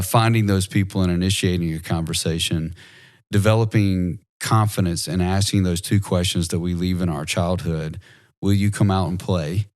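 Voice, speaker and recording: A man hosting a podcast, speaking in a measured, reflective way. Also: low voice, darkish tone. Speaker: podcast host. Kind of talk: casual conversation.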